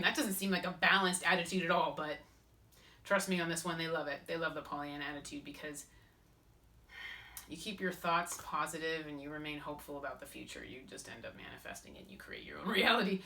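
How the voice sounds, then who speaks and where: Bright-voiced woman, chatty spiritual advisor. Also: low voice, brisk, far from the mic. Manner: chatty and animated, self-mocking. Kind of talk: casual vlog talk.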